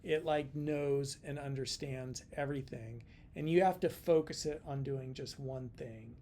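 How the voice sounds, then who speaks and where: A middle-aged college instructor from California has a mellow, steady mid-range voice and an unhurried pace. His lecture is casual and chatty, and he repeats himself, using plenty of fillers and restarts.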